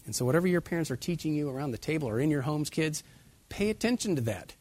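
A man's voice: a little high, expressive, quick pace, a little mellow. A man preaching a sermon as pastor, putting many direct questions to his listeners.

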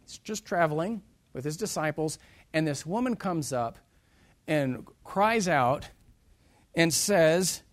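Man preaching with a slightly high voice. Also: expressive, slow pace, long pauses. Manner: reads scripture in old-style wording, then retells it in plain casual words; dramatic, with sudden loud and soft swings. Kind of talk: sermon with scripture reading.

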